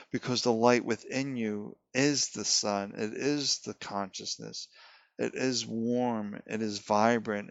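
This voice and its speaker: A man leading a guided meditation, speaking calmly in slow, repeated prompts and questions. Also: mid-range voice, no room sound, highs cut off. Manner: calm, slow, repetitive guidance with questions. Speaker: meditation teacher.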